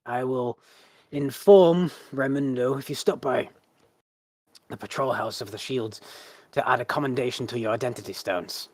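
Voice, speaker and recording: A man's voice: medium pitch, normal speed, a little mellow, no room sound, clean studio sound, close to an everyday voice. A man voicing a stately older woman who leads zealots, gracious and commanding.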